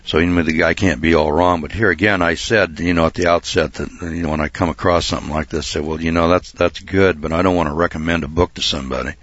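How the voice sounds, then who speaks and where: A man preaching a folksy sermon and Bible study, often saying uh and clearing his throat. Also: sits low, fairly even intonation, fast talker, few pauses, fairly bright tone, dry recording, lo-fi sound. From United States.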